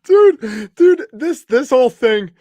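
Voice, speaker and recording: An excitable man in a casual podcast conversation, swearing casually and calling people dude and bro. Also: extremely high pitch, takes it slowly, dry recording. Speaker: podcast host, former arcade manager.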